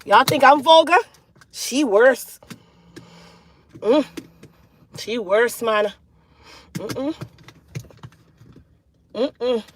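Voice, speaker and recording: A woman's voice: on the high side, drawn-out words, long pauses, slight background noise. A woman hosting her hair care channel, chatting casually with viewers in a playful, teasing, slangy way.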